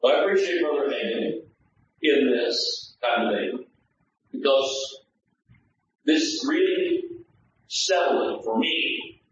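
Man, joking bible-study pastor, booming church echo, distant dull mic. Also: animated, takes it slowly, long pauses, slight background noise. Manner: folksy, joking, asks the congregation for responses. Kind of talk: conversational sermon. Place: church sanctuary.

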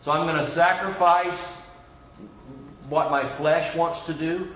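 A man's voice: a little high, fairly even intonation, unhurried, fairly bright tone, a little hiss or hum. A man, a pastor, preaching a conversational sermon full of rhetorical questions and mock voices. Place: church. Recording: roomy, dull church recording.

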